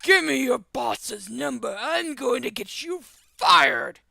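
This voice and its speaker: An entitled, angry father barks his complaints with a slight Southern twang and loud indignation, as a woman reading a story puts him on. The voice is bright and clear. It sits close and dry in the recording. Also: high-pitched, measured pace, no echo, voice pushed up. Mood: angry, indignant. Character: angry entitled father confronting a bus driver.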